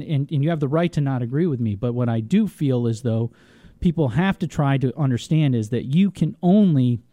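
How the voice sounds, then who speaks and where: A man's voice: medium pitch, dark tone, dry recording, studio quality. A man hosting a talk radio show, speaking passionately off the cuff and stumbling over repeated words as he argues his point. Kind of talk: opinionated talk radio monologue.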